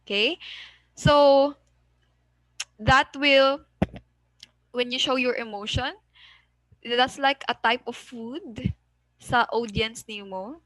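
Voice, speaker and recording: A woman's voice: a little high, fairly bright tone, dry recording, poor audio. A woman teacher reviewing a lesson, mixing English and Cebuano and often checking in with "okay?". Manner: slow, deliberate, switching between English and Cebuano, frequent "okay?" checks.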